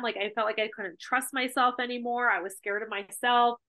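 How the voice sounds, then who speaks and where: Bright, animated woman telling a story. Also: on the high side, a little fast, few pauses. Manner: animated storytelling, heavy use of "like". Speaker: podcast guest. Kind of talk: casual chat.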